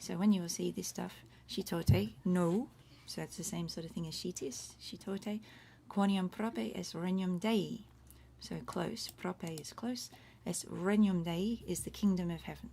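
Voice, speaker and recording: A woman's voice: fairly low pitch, creaky, warm tone. A middle-aged woman teaching Latin from home in a casual, chatty livestream, explaining words one by one and breaking off to comment as she goes. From Australia. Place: home room. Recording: faint room noise.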